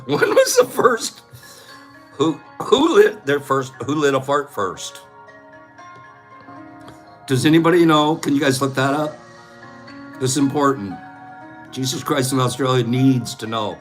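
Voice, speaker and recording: A man's voice: mid-range voice, measured pace, long pauses, soft background music. A man hosting a casual livestream, talking loosely and breaking into giggles often. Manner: giggly, keeps breaking into laughter. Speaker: livestream host.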